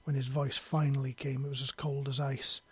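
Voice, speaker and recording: A man narrating a fantasy story in a steady, measured read. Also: medium pitch, husky, dry recording.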